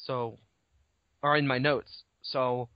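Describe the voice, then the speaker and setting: Speaking slowly with fairly even intonation and a middle pitch, a podcast co-host rambles through a casual chapter summary of a novel, swearing freely and voicing the characters. The audio is a dull, dry lo-fi home recording with no room echo.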